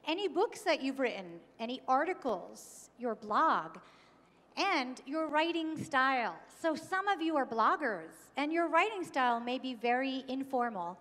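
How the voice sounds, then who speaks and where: A woman's voice: high-pitched, very animated, measured pace, a bit bright. A woman from New York giving a conference keynote talk, engaging and often putting questions to the audience. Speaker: keynote speaker. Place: conference hall. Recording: long hall reverb.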